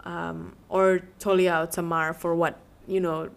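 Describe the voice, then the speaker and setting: A woman's voice: fairly low pitch, little pitch movement, unhurried, gravelly, clean tone. A woman co-hosting a book podcast, chatting casually, laughing often and acting out quotes from the story. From Malaysia.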